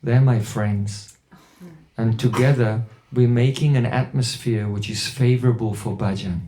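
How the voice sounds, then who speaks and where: A calm, humble old holy man answers softly and unhurriedly, his voice dropped low and mellow. A man quotes him while telling a story. The tone stays gentle and modest. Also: measured pace, lightly acted, poor audio. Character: gentle elderly male guru, humble and calm.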